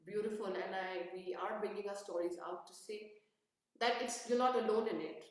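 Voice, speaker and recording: A woman's voice: medium pitch, steady tone, normal speed. A woman from India, a photographer, telling a story in casual chat with many restarts and asides. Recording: echoey room, distant mic.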